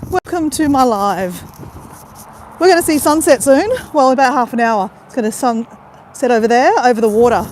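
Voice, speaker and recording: A woman's voice: sits high, a little hiss or hum. Bubbly Australian woman chatting on a walk. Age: middle-aged. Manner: chatty, greets viewers, quick to laugh. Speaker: vlogger livestreaming a walk. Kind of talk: casual live-stream chat. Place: outdoors on a waterside path. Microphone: phone held while walking.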